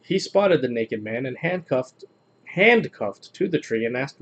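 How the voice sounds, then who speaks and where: A man reads jokes off a page for a casual home video, his delivery flat and deadpan. His pitch sits in an ordinary middle register, and he talks at an easy, unhurried pace. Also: lo-fi sound. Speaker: host reading jokes on video. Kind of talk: casual joke reading.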